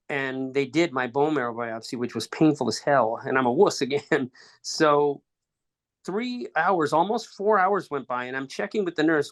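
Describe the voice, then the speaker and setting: A man telling a personal story as a podcast guest, in halting phrases with restarts, acting out quoted dialogue. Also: on the high side.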